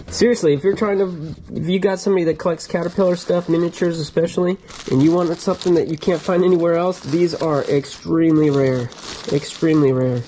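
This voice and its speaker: Filmed on a GoPro inside a storage locker, this American reseller and channel host talks briskly in a slightly high voice. He eagerly presents what he has found, musing aloud and dropping into whispers now and then. Audio is poor, with a little hiss or hum.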